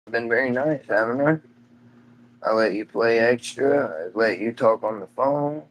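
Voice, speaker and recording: Laid-back swearing streamer dad. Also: male voice, medium pitch, normal speed, lo-fi sound. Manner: loose, rambling, swears casually, says "dude" a lot. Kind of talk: casual live-stream chat. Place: at home.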